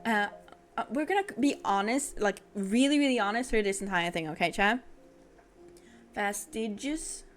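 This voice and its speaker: A woman's voice: medium pitch, moderate pace, faint music behind. A woman streamer chatting casually with her viewers while playing a game, giggly and a little apologetic.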